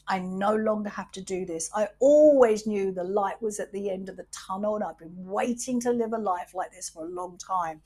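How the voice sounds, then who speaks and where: A middle-aged woman hosting a podcast, talking candidly about her wellbeing routines, unhurried and reflective, swearing freely. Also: medium pitch. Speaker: podcast host.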